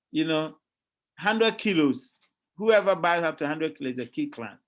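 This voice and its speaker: A middle-aged man with a Ghanaian accent, giving a lively classroom lecture as a university lecturer and often checking in with his students. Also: sits high. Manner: lively, keeps checking in with "all right?" and quizzing students.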